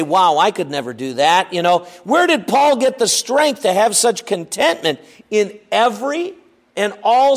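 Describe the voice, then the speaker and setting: A man preaching a sermon, slow and emphatic, asking the listeners rhetorical questions. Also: high-pitched.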